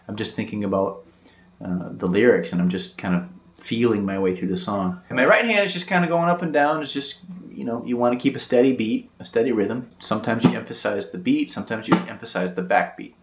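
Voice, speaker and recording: This man, a guitar teacher, speaks at a fairly low pitch and a little fast while explaining a casual lesson step by step, relaxed and heavy on fillers. The audio is roomy and dull, and the guitar is loud.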